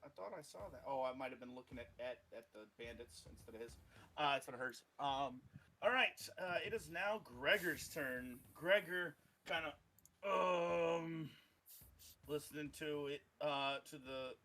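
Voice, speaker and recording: A man's voice: a little high, measured pace, bright, forceful tone, slight background noise. A man narrating a tabletop game as game master, rambling with many ums and uhs.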